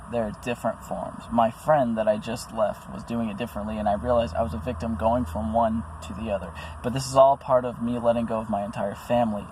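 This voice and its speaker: A man's voice: mid-range voice, darkish tone, slight background noise, low-quality recording. A man speaking about his own experiences in an earnest, rambling monologue, full of restarts and fillers. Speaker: vlogger. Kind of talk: personal monologue to camera.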